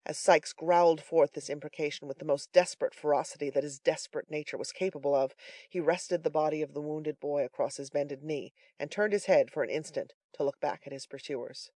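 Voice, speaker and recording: A man narrating a classic novel audiobook in a steady, dramatic reading voice. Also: a little high, brisk, no echo. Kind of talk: scripted narration.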